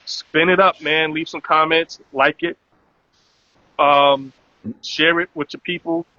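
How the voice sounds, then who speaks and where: A man's voice: fairly high pitch, steady tone, slow, sharp tone. A man hosting a casual live-stream chat, loose and promotional, with many filler words. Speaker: host. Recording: dull lo-fi audio.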